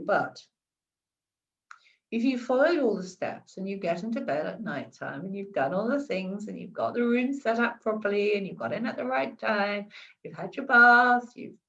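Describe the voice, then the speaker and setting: A woman's voice: mid-range voice, a bit bright, distant mic, dull audio. A woman giving chatty advice in a live stream, often repeating and restarting words. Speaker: wellness coach.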